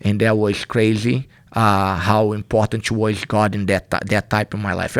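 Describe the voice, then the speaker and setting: A man's voice: fairly low pitch, steady tone, brisk, few pauses. A middle-aged man with a Brazilian accent, a native Portuguese speaker, telling a candid personal story in a podcast conversation, earnest and emphatic. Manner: earnest, non-native grammar, emphatic repetition. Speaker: podcast guest, jiu-jitsu instructor.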